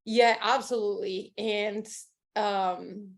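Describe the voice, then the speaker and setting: A woman's voice: mid-range voice, steady tone, takes it slowly, vocal fry. A woman hosting a podcast as a coach, talking in an effusive, rambling way full of fillers. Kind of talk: casual podcast chat.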